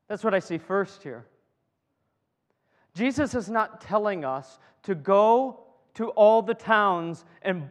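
A man preaching a sermon to a congregation in a lively, joking way, often repeating his words as he builds a point. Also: high-pitched. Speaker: pastor. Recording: long hall reverb.

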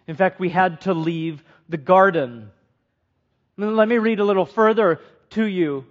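In a dull, lo-fi recording, a high-voiced man speaks unhurriedly as he delivers an earnest sermon. He poses questions to the congregation and repeats phrases to drive his points home.

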